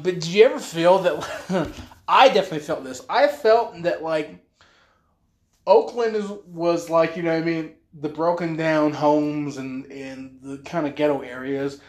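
A man from Utah tells a tour story in loose, cussing chat, throwing himself into the quotes with a slightly high voice. The room around him rings with echo. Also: normal speed. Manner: profane, animated storyteller who acts out quotes. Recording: roomy echoey room.

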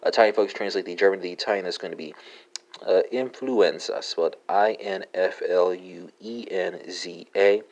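Deep-voiced man spelling out verb forms. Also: fairly even intonation, a little mellow, muffled recording. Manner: halting, many fillers, spells words letter by letter. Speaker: language podcast host. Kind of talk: solo language lesson.

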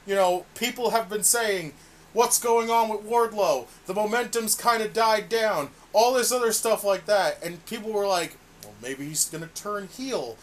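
A man's voice: sits high, a little slow. A man co-hosting a casual podcast, ranting with exasperation and constant swearing. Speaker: podcast co-host reviewing wrestling. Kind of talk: casual profane chat.

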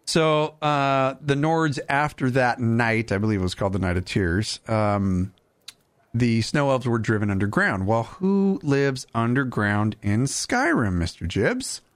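A man hosting a casual gaming podcast, animated and jokey, with quick asides. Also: mid-range voice. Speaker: podcast host.

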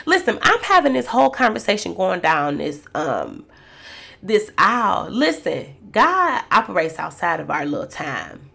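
Host, female, fervent testimony delivery, slight vocal fry. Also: on the low side, wildly swooping pitch, a little slow, a bit bright. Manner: emotional, preacherly storytelling addressing listeners as y'all. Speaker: podcast host. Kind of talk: personal testimony.

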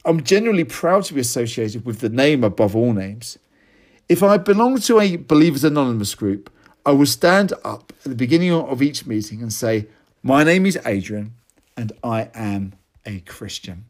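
Gentle self-deprecating man. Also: mid-range voice, very animated, normal speed. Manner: gentle, self-deprecating, corrects his own slips. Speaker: storyteller reading his own memoir. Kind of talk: reflective first-person storytelling.

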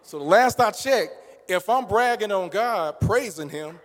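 A man preaching a sermon in a church, talking through it conversationally and then building up to passionate shouting. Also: high voice, animated, measured pace, in a large hall. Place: church sanctuary.

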